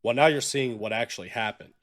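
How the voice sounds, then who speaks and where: A man's voice: mid-range voice, fairly quick, fairly bright tone, no room sound, studio quality. A young man running a tabletop game as game master, narrating scenes in a casual, vivid, profane way.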